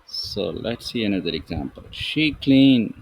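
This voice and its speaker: Man, grammar teacher, husky voice, lowish pitch, slow deliberate example sentences. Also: big pitch swings, a little mellow, no room sound, rough recording. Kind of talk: grammar lesson.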